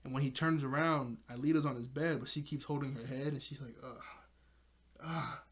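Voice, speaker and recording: Excitable man recapping an episode. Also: medium pitch, fast talker. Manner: chuckles often while retelling, excitable. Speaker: episode reviewer.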